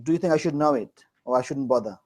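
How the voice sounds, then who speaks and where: A man's voice: mid-range voice, fast, darkish tone, poor audio. A man from Bangladesh teaching a class, teasing and joking as he quizzes his students. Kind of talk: classroom lecture.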